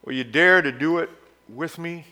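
A male pastor preaching a sermon. He moves from quiet, intimate passages to loud exhortation and leads the congregation in call-and-response. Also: on the high side, normal speed.

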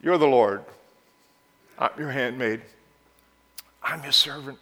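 A male pastor preaching a sermon. He moves from quiet, intimate passages to loud exhortation and leads the congregation in call-and-response. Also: mid-range voice, slow pace.

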